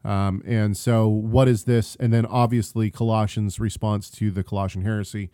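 A man's voice: fairly low pitch, level tone, normal speed, mellow, clear, resonant tone, no room sound. A man co-hosting a theology podcast, reading listener questions in a casual, hesitant way with frequent ums and restarts. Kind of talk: casual chat about theology.

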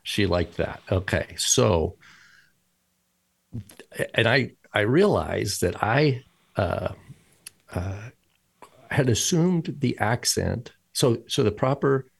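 Man, low gravelly voice, husky, explanatory podcast co-host, dry sound. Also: lively intonation, slow, long pauses, dry recording. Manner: explanatory, enthusiastic, repeats words for emphasis. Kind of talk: casual podcast chat.

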